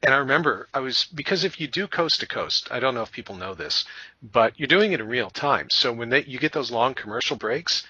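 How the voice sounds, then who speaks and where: A man from Canada hosting a podcast, telling rambling, animated stories in a casual chat. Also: medium pitch, brisk, slightly rough, dry recording, lo-fi sound. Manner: rambling, animated storyteller who breaks into funny voices. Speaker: podcast host.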